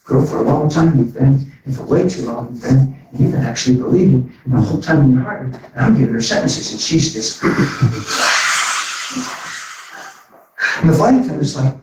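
A man preaching a sermon, telling stories with animated energy, laughing and acting out conversations. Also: medium pitch, moderate pace, a little hiss or hum. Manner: animated, laughing, acts out dialogue. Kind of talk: sermon with storytelling. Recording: very echoey, distant from mic.

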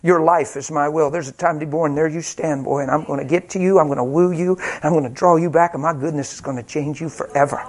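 A patient, fatherly God speaks in a steady, gentle tone, as a preacher puts him on. The voice sits high for a man and stays soft and reassuring. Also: quick pace, few pauses, lightly acted. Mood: tender.

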